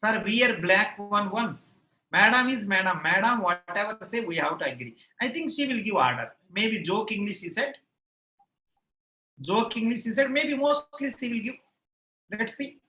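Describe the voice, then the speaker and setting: A man's voice: high voice, expressive, normal speed, sharp tone. Indian English male tutor, chatty live-class asides, looping repetitions, recorded in an echoey room. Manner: repeats phrases, rambling anecdotes, playful self-mockery. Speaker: online exam-prep teacher.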